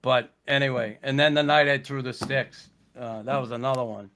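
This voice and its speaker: A man, a podcast guest telling stories in a gruff, blunt way, swearing constantly. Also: medium pitch, fairly even intonation, moderate pace, crowd noise. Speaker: podcast guest, former hockey enforcer. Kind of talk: casual storytelling chat.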